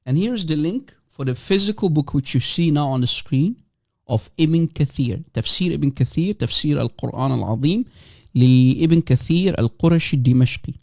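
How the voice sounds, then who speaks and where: A man's voice: a little high, animated, normal speed, creaky, darkish tone. A man hosting a casual livestream, mocking and provocative, teasing and repeating himself as he calls for guests. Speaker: livestream host.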